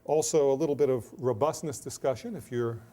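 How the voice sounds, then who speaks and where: A middle-aged man giving an academic lecture, joking and self-deprecating, with brisk asides and anecdotes. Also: mid-range voice, mellow.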